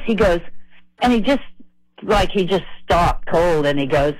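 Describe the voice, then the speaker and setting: A middle-aged woman from Tennessee, a country singer telling rambling, animated anecdotes as a guest. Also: medium pitch, moderate pace, dry recording, rough recording. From Nashville, Tennessee. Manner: chatty, rambling, animated retelling.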